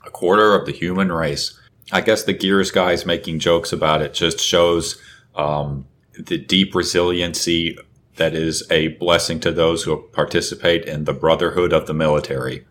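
A man's voice: low-pitched, steady tone, moderate pace, a bit bright, slight background noise. A man co-hosting a podcast in casual chat, asking probing questions with a wry, sardonic edge. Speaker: podcast co-host.

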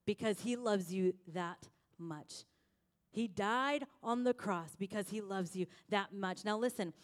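Woman pastor, sermon, high voice, animated storytelling, hushed asides and loud peaks.

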